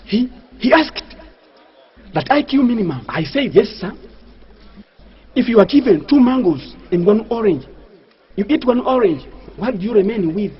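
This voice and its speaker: A man's voice: high voice, very animated, moderate pace, long pauses, husky. A man doing a stand-up comedy routine, with a mock-pompous manner and grand words, over audience laughter. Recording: dull lo-fi live recording.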